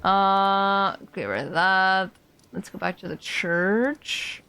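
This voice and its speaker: A woman streaming a game, chatting casually, humming to herself and yelling at enemies. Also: medium pitch, takes it slowly, smooth. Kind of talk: casual gameplay commentary.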